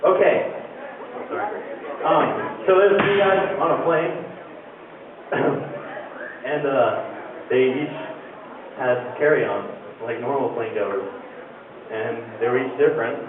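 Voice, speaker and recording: A man's voice: medium pitch, slow pace, pauses often, a crowd in the background. A man telling a goofy, rambling joke on stage at a live show, with many fillers. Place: live show venue, indoors. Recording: tinny, echoey live venue from far off, with background noise.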